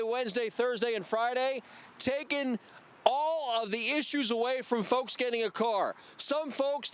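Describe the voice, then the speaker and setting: A male host with a very high, smooth voice sells a year-end car sale. He booms like an announcer and speaks straight to the ladies and gentlemen watching. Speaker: commercial host. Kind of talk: broadcast sales pitch.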